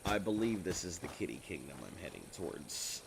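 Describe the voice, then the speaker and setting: A man's voice: low-pitched, big pitch swings, fairly quick, creaky, background noise. A man streaming a video game, chatting in a rambling, jokey way while sick and a bit congested. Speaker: gaming streamer. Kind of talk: casual gameplay commentary.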